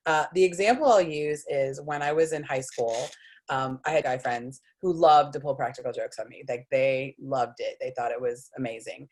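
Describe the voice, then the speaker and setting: Low-voiced woman telling an animated story. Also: normal speed. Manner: animated, acts out quotes with lots of "like". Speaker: host. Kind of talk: casual storytelling chat.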